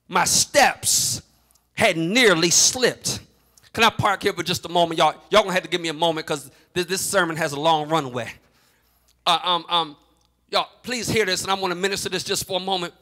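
High, bright-voiced preaching pastor. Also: male voice, fairly even intonation, quick pace. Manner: call-and-response preaching, rising to shouts. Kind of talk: sermon.

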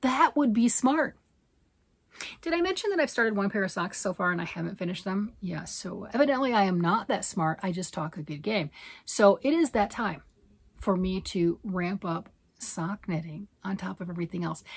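A woman's voice: mid-range voice, expressive, fairly quick, breathy edge, dry recording. A middle-aged woman hosting a knitting and crochet vlog, rambling casually, poking fun at herself and asking rhetorical questions. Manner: rambling, self-mocking, asks rhetorical questions. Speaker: knitting and crochet channel host.

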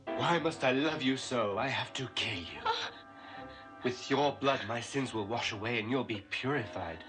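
A man's voice: medium pitch, animated, normal speed, lightly acted. A man playing a deranged vengeful killer. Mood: bitter vow. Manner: ranting, bitter, mocking. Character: deranged vengeful male serial killer, obsessed with mother. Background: film score music.

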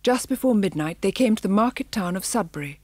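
A woman reading a children's novel aloud in a measured, expressive storybook narration, in a studio. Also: medium pitch, no echo. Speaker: audiobook narrator. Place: recording studio.

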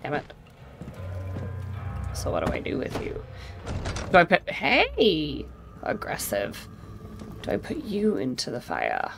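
A woman's voice: sits low, huge pitch swings, takes it slowly, gravelly, pauses often, over music. A young woman giving sarcastic let's-play commentary, talking to herself as she plays and swearing freely. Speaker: gaming streamer.

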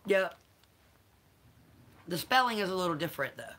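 A woman's voice: on the low side, animated, moderate pace, a bit bright. A Southern woman chatting casually on her livestream, greeting viewers by name and cooing to her dogs; she says she is a little tired. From American South. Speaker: livestream host.

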